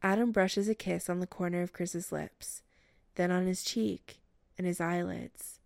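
A woman reads a romance story aloud at an unhurried, even pace. Her voice carries a heavy gravelly fry in a mid range. The sound is dry and close to the mic. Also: fairly low pitch, no room sound. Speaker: narrator. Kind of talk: audiobook reading of a romance story.

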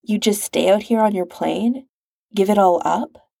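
A woman's voice: medium pitch, measured pace, vocal fry, mellow, no room sound, studio quality. A woman reading a direct, mission-focused soldier man who presses with blunt questions. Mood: pressing.

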